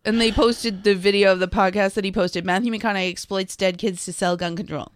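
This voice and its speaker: A woman's voice: mid-range voice, fairly even intonation, brisk, no echo, studio quality. A woman co-hosting a podcast, telling stories in a casual chat and quoting others as she goes. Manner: chatty storyteller, quotes others, laughs easily. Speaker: podcast co-host.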